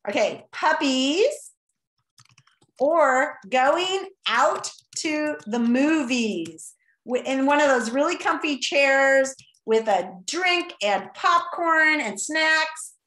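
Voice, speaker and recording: A woman teacher running a playful class vote on a video call, animated, exclaiming and laughing often. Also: high-pitched, slow pace, echoey room.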